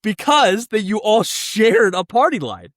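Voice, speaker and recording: A man's voice: sits high, sing-song, unhurried, fairly bright tone, dry recording, clean studio sound. A young man co-hosting a podcast, chatting casually and animatedly, often laughing and slipping into quoted voices. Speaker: podcast co-host. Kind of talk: casual chat.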